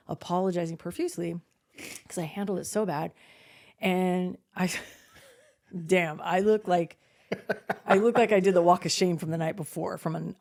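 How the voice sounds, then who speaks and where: A middle-aged woman hosting a podcast, telling a family story in casual, animated chat, candid and quick to swear. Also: on the low side. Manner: animated, candid, swears freely, laughs often. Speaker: podcast host and mother.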